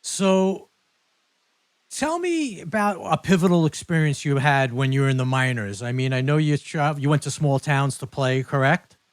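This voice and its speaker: Male interviewer, prompting and affirming, smooth voice, dry close sound. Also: a little high, expressive, moderate pace, no echo. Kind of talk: interview questions.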